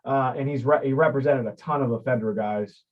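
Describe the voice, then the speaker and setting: A man hosting a podcast interview in a casual, halting way, often restarting his phrases. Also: mid-range voice. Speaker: podcast host. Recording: dull lo-fi audio.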